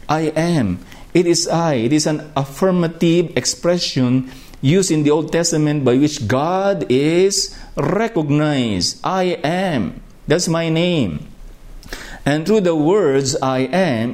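A man's voice: a little high, a little mellow. A man with a Filipino accent preaching a sermon, reflective and emphatic on key phrases. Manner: slow, reflective, with rising emphasis on key words.

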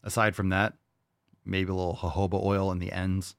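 Deep gravelly man, blunt and profane. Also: little pitch movement, normal speed, dry recording, clean studio sound. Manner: blunt, profane, mock-incredulous. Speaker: podcast host answering listener questions. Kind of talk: casual chat.

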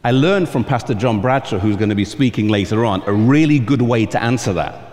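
English pastor preaching in a hall. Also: male voice, mid-range voice, animated, brisk, a little mellow. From England. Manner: storytelling, acting out quoted voices. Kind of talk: sermon. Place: camp meeting hall. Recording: long reverb in a large hall.

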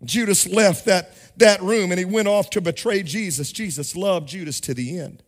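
A man with a strikingly high voice preaches a sermon from the pulpit. His delivery has a musical, sing-song lilt that swells into shouted emphasis and drops low again. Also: moderate pace. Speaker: pastor. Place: church sanctuary.

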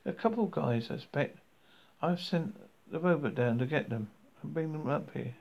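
A man voicing a patient, level-headed young woman in a story reading, coaxing gently. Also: fairly high pitch, expressive, normal speed, vocal fry. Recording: dull lo-fi recording.

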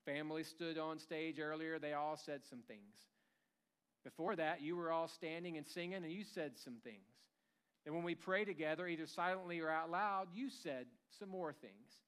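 A man's voice: on the high side, moderate pace, fairly bright tone, clean tone. A man preaching a sermon in a church, conversational and humorous, acting out bits of everyday dialogue. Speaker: pastor.

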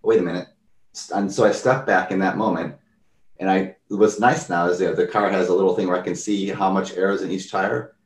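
His voice sits low and his pace is brisk, captured from afar in an echoey room. In an easygoing, conversational way, he tells everyday tales about mindfulness, animatedly acting out how people responded.

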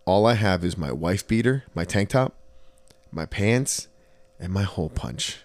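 A man's voice: low voice, unhurried, no echo. A man co-hosting a casual podcast, telling a profane story and acting out the people in it. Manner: animated storyteller, acts out quotes, swears freely. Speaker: podcast co-host.

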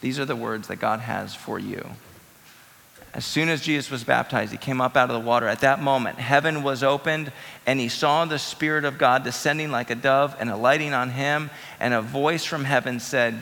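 A man's voice: medium pitch, moderate pace, gravelly, bright, forceful tone. A man preaching a sermon as pastor, emphatic and conversational, repeating phrases for weight. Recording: reverberant hall.

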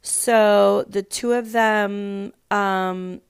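A woman's voice: medium pitch, fairly even intonation, very slow, gravelly, clean tone, no echo. A woman podcast host with a congested, stuffed-up voice, casually recapping a TV show with rambling, sarcastic asides.

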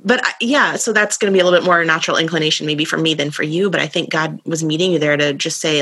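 Husky-voiced woman musing aloud. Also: deep voice, fast, few pauses, a bit bright. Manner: rambling, searches aloud for words. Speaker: podcast co-host. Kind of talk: casual faith conversation.

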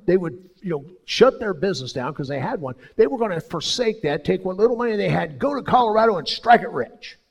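Gravelly, lively-voiced preacher man. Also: high voice. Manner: animated preacher, storytelling with sudden loud and soft swings. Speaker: pastor. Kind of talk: sermon.

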